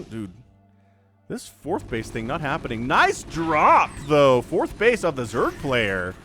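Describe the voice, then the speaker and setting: A man casting a real-time strategy match solo, with an excitable, jokey delivery. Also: on the high side, unhurried, faint music behind. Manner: animated, excitable, jokey asides. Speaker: esports caster. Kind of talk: solo game commentary.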